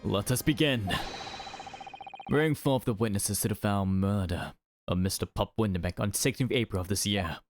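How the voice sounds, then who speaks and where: A streamer doing a stern, older male judge from a game, solemn and formal. The voice sits low and moves in a measured way as the court is opened. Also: soft background music, lightly acted. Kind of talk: reading game dialogue aloud in voices.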